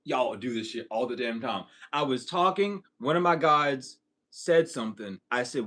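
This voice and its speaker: Bright-voiced joking man, casual Q&A. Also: medium pitch, animated, normal speed. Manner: joking, profane, rambling. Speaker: spiritual content creator answering questions. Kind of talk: casual livestream Q&A.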